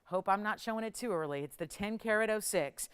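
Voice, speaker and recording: This shopping channel host, a middle-aged woman, runs a live jewelry sales show in a clean, mid-range voice at a fairly quick pace. She's talkative and cheerful, laughing in bursts.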